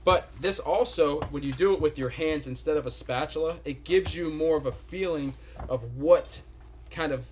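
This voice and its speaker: A man's voice: fairly high pitch, normal speed, a little mellow, slight background noise. A man from the Pittsburgh area hosting a casual live cooking stream from his home kitchen, chatting straight to viewers and swearing casually. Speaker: cooking livestream host.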